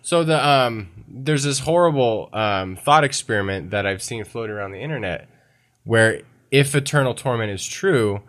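A man co-hosting a live podcast, reasoning aloud in halting, restarted phrases. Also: mid-range voice, expressive, fairly bright tone. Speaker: podcast co-host.

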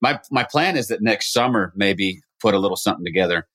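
A man's voice: on the low side, lively intonation, brisk, a bit bright. A man hosting a podcast interview, asking probing questions and chatting in a friendly, casual way. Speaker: podcast host. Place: Texas.

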